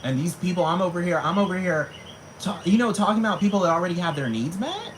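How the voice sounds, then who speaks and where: A man's voice: sits high, lively intonation, fast talker, a little hiss or hum, poor audio. A man ranting casually to camera, slangy and profane, with sudden dramatic jumps in his voice. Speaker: vlogger.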